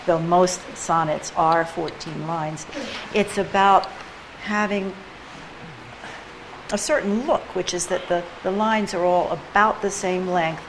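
A woman leading a poetry workshop, chatting casually with quick asides while recorded in a classroom. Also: on the low side, steady tone. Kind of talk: casual teaching talk. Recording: room ambience and background noise.

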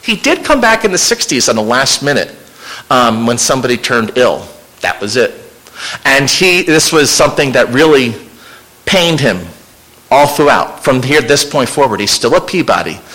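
Lively bright-voiced man lecturing. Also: medium pitch, moderate pace, low-quality recording. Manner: conversational, with wry asides. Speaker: local historian giving a slide talk. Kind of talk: informal illustrated history lecture.

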